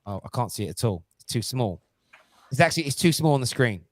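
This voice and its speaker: A man hosting a casual football chat stream, talking in an animated, jokey and excitable way. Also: mid-range voice, fast, dry recording. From Jamaica. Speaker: host.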